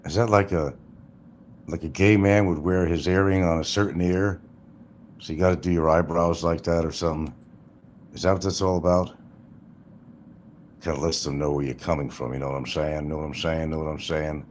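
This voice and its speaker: Low-voiced older man mocking on a livestream. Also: steady tone, moderate pace, pauses often, a little mellow, slight background noise. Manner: mocking, rambling, crude. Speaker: livestream host. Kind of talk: casual livestream commentary.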